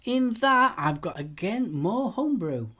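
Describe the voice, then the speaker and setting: A man's voice: high voice, very animated, a little slow, sharp tone. Jokey man, medium voice, rambles cheerfully about homebrew. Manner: playful, jokey, trails off searching for words. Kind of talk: casual live stream chat.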